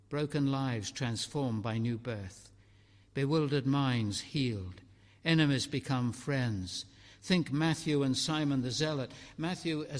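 A man preaching a sermon with dramatic swings between loud exclamations and hushed, slow phrases. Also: on the high side. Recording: long hall reverb.

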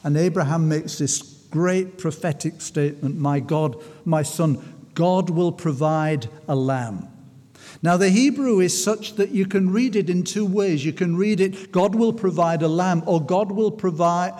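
A man preaching a sermon, often restarting his phrases and slowing down to stress key words. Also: high-pitched, warm tone, big-room sound. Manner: restarts and stumbles, slows for emphasis.

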